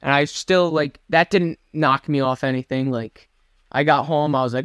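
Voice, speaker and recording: A man's voice: on the high side, moderate pace, fairly bright tone, smooth, dry recording, studio quality. A young man co-hosting a podcast, telling a rambling, self-deprecating story in casual chat. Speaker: podcast co-host.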